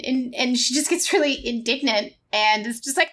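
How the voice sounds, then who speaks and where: A woman's voice: a little high, moderate pace. A woman co-hosting a casual podcast, talking animatedly and acting out lines from a film. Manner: animated, acts out quotes in raised voice. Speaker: podcast co-host. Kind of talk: casual chat.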